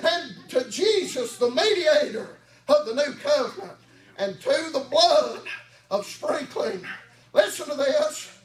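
A man preaching a fervent sermon in church, chanting with a gasped "huh" after phrases and often shouting. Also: extremely high pitch, lively intonation, takes it slowly. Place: church sanctuary. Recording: echoey, distant mic, congregation audible.

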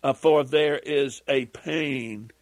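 A man teaching a Bible lesson as a sermon, speaking slowly and deliberately with many pauses and "uh" fillers, and reading scripture aloud in old-fashioned wording. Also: medium pitch, no echo. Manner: reads scripture aloud in King James wording.

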